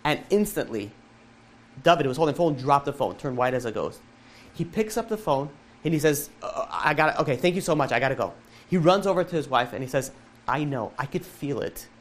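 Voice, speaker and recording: A man, a rabbi, telling a moving story to a live audience, acting out the dialogue in quick asides. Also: on the high side, expressive.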